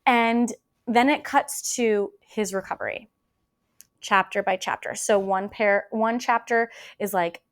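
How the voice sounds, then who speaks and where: A woman's voice: medium pitch, a little slow. A woman hosting a casual book podcast, talking in a gushing, emotional way and often repeating herself. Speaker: podcast host. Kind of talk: casual book review chat.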